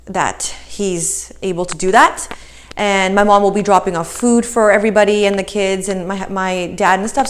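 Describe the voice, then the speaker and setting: A pregnant woman in her thirties giving a casual vlog update, chatty and slightly out of breath, with many fillers and restarts. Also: mid-range voice. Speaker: vlogger.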